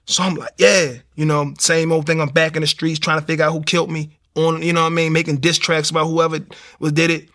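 A man telling his personal testimony in an animated street style, acting out the voices. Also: on the high side, fast. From Baltimore, USA. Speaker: speaker giving a testimony.

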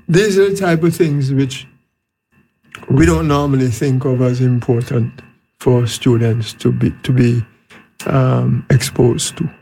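A man who is an electrical engineer speaking as a panel guest, slowly and hesitantly with many fillers. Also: mid-range voice, steady tone, vocal fry, warm tone, breathy edge, low-quality recording.

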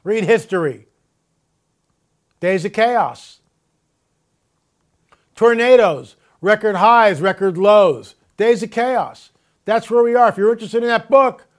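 A man hosting his own report, delivering an emphatic commentary monologue full of rhetorical questions and slowly stretched, repeated catchphrases. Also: sits high. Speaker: host of own video report.

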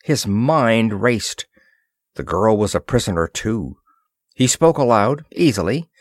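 A man reading a story aloud as narrator, with expressive storytelling. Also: fairly low pitch, takes it slowly, dry recording, clean studio sound. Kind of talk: reading a pulp science-fiction story aloud.

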